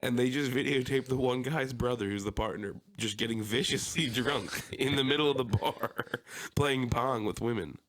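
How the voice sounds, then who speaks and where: A man's voice: medium pitch, moderate pace, fairly bright tone. Laid-back Philly podcast guy. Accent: Philadelphia. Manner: laughs while telling stories, swears casually. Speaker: podcast co-host. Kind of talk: casual chat.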